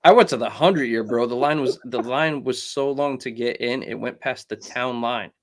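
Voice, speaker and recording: A man's voice: mid-range voice, moderate pace. A man co-hosting a casual sports chat, rambling and filling his talk with "like" and "bro". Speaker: podcast co-host.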